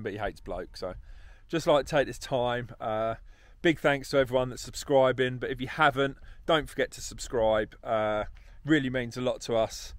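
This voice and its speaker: A man's voice: mid-range voice, clear, resonant tone, no echo. A young man from England with an English accent, talking casually and laughing often as he speaks straight to his viewers. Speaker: travel vlogger. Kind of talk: casual vlog chat.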